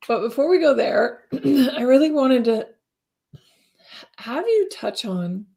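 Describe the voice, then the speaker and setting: Female host, gentle, inviting, emotional; video-call interview. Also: high-pitched, very animated, takes it slowly, creaky. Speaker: podcast host. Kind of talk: warm-hearted interview chat.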